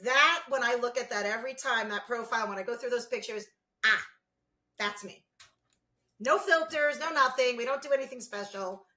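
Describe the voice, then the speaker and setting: A middle-aged woman talking as a guest in a casual interview, lively and theatrical, acting out what people said to her. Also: on the high side, normal speed. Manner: animated, acts out quotes in big voices.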